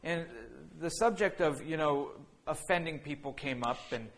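A man's voice: fairly high pitch, moderate pace, a bit bright. Rambling, anecdotal man preaching a sermon. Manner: rambling anecdotal telling with many restarts and fillers; breaks into laughter while telling a funny story. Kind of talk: casual storytelling sermon.

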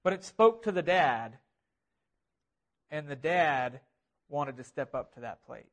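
High-voiced man preaching earnestly. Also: expressive, takes it slowly, a bit bright. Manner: earnest, repetitive preaching with rising emphasis. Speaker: pastor. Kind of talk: sermon.

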